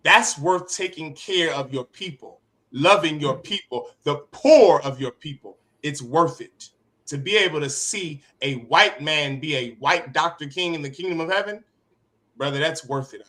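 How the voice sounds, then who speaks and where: Fiery, bright-voiced male preacher. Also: fairly high pitch, normal speed. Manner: impassioned, rhetorical, sharp swings in loudness. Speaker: teacher leading a class. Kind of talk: street-preacher sermon.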